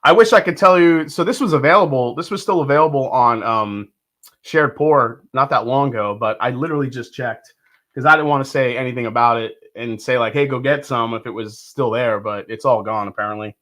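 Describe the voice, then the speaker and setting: A man's voice: medium pitch, a little fast, fairly bright tone. A man hosting a casual livestream, greeting viewers by name and thinking aloud as he tastes. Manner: thinks aloud while tasting. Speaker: livestream host.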